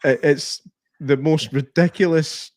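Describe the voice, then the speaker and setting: A man's voice: a little high, fairly even intonation, measured pace, a little mellow. A man with a Scottish accent co-hosting a podcast, chatting and explaining movie trivia in a casual way. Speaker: podcast co-host.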